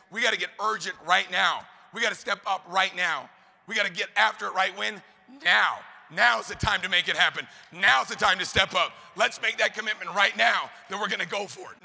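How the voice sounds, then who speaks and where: Pumped-up guy yelling motivation at a crowd, high gravelly voice, big echoey hall. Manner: hyped, shouting, call-and-response questions. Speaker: motivational speaker. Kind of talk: high-energy motivational speech to a live audience. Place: large event hall. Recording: hall reverb, live event.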